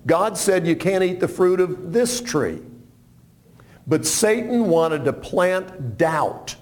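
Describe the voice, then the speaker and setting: A man preaching a sermon, animated and humorous, acting out quotes as he tells stories. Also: sits high, takes it slowly.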